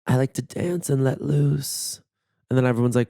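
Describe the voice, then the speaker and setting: A man hosting a podcast with a worn-out, hoarse voice, telling stories in a gossipy, animated way and swearing freely. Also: medium pitch, normal speed, no echo, studio quality. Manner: gossipy, animated, swears often, acts out quotes. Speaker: podcast host. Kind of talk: casual solo storytelling. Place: in bed at home.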